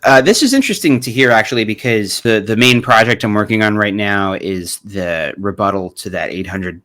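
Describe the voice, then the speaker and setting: A man in his thirties with a fairly low voice, talking through a casual commentary vlog. He is sarcastic and profane and laughs often as he talks. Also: lively intonation, moderate pace, fairly bright tone. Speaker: channel host.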